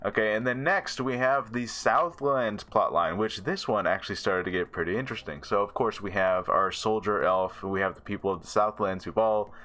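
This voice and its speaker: Rambling, bright-voiced male show reviewer. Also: on the low side, moderate pace, hardly any pauses. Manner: rambling, many fillers and restarts, laughs often. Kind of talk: casual video review.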